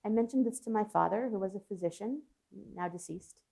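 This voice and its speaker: A woman's voice: mid-range voice, fairly quick, creaky, warm tone. A woman psychologist speaking as an interview guest, telling a personal story in an earnest, reflective way. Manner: earnest, reflective, with frequent restarts and laughs.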